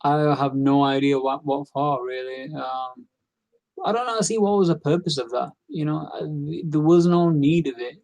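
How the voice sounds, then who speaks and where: A man's voice: fairly high pitch, moderate pace, darkish tone. A tired man giving a rambling, opinionated casual recap as host, full of fillers and restarts.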